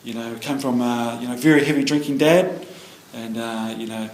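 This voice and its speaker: A man's voice: medium pitch, fairly even intonation, moderate pace, a little mellow, slight background noise. A middle-aged man with a New Zealand accent sharing his story at a recovery meeting, rambling with many fillers and restarts. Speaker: AA meeting speaker. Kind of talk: personal recovery share. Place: meeting room. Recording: echoey meeting room.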